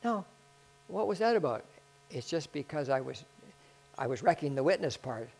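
A man preaching a sermon in an excitable way that swells into loud bursts, then leading a spoken prayer. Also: a little high, moderate pace, poor audio. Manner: prays aloud.

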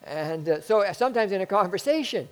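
A man preaches with excitable energy, his fairly high voice swelling into loud bursts. He also leads a spoken prayer. A low mains hum sits under the recording. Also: a little fast, clean tone, rough recording. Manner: prays aloud. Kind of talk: sermon.

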